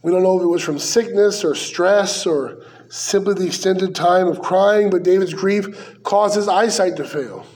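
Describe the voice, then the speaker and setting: Male pastor, high-pitched, conversational verse-by-verse sermon delivery with rhetorical questions. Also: unhurried, a little mellow.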